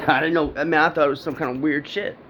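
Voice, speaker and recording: A man's voice: fairly high pitch, fairly even intonation, fast talker, fairly bright tone. Profane man telling a story. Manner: profane, rambling, laughs often. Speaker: storyteller recounting a personal encounter. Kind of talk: casual personal storytelling. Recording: dull lo-fi with faint background noise.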